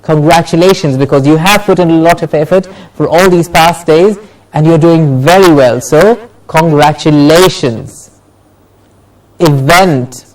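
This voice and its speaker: During a classroom lesson, a man teaching pronunciation stretches out each word deliberately so students can echo him. He speaks slowly in a slightly high voice, heard at a distance from the mic.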